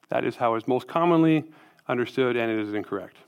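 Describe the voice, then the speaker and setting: A man's voice: mid-range voice, fast, clean tone. A man preaching a sermon as pastor, emphatic, asking rhetorical questions and tagging lines with "right?".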